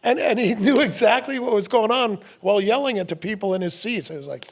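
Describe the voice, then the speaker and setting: High-voiced man telling animated stories. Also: fast. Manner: animated storyteller, laughs often, acts out quotes. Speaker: podcast co-host. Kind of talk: casual chat.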